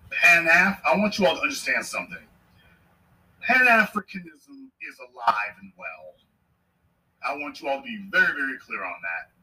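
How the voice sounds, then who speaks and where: A podcast host delivers a political monologue in an emphatic, repetitive cadence. His voice is very bright and cutting at an average pitch. He sounds a little distant from the microphone. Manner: emphatic, repeats his points for effect.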